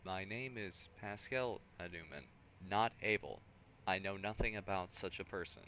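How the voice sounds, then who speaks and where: A man's voice: low-pitched, moderate pace, fairly bright tone, a little hiss or hum. A man voicing a solemn, zealous male tech priest, reading the lines in a formal, stiff way.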